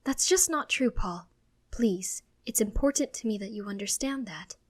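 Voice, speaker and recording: A woman's voice: a little high, expressive, a little slow. A woman voicing a loving, emotional mother who speaks in a tender, tearful way.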